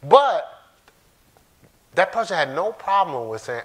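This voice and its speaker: In a church sanctuary, a male pastor with a high-ish, sing-song, fairly bright voice gives an unhurried, casual sermon. He jokes and speaks directly to the congregation in a conversational way.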